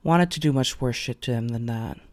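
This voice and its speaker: A man voicing a hot-tempered young male hero, talking in rough, clipped, swearing bursts. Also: medium pitch, a little fast, darkish tone, no room sound, studio quality, natural voice. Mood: gruff.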